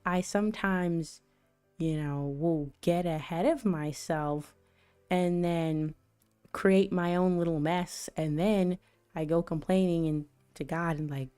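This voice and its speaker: Low, mellow-voiced woman chatting casually. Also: takes it slowly, soft background music. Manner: rambling and conversational, full of "you know" and "like"; laughs at her own stories. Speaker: channel host. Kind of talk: casual faith reflection on a livestream.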